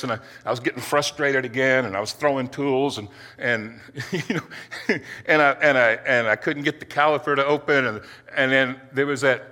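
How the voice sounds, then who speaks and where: Earnest, tense-voiced preacher, echoing hall. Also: male voice, on the high side, sharp tone. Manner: earnest, halting, with many restarts. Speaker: preacher giving a testimony. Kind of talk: personal testimony sermon.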